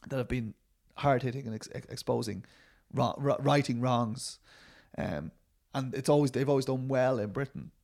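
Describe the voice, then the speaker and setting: A man's voice: medium pitch, normal speed, gravelly, hardly any pauses, darkish tone. A middle-aged man, a documentary filmmaker, answering interview questions in a rambling, self-deprecating way, full of restarts and fillers.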